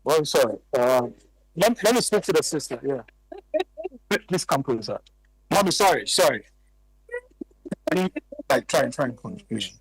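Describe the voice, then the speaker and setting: A man, reporting live from a flooded neighborhood and gently interviewing residents. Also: mid-range voice, slightly rough, dry recording, low-quality recording. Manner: calm, gentle interviewer who consoles guests. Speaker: field reporter. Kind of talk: live on-scene news report.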